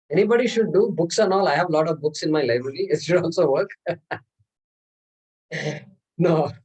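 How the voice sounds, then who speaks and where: Male scripture teacher, slightly raised pitch, patient class lecture, repeats key terms. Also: expressive, normal speed, darkish tone, breathy edge, rough recording. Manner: explains patiently, repeats terms, chuckles often.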